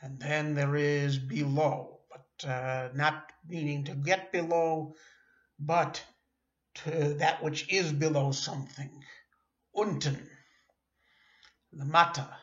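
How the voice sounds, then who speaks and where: A man's voice: on the high side, steady tone, slow pace, long pauses. A man teaching a language lesson, speaking patiently with hesitant fillers and correcting himself as he goes. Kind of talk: slow spoken language lesson. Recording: echoey room, dull lo-fi sound.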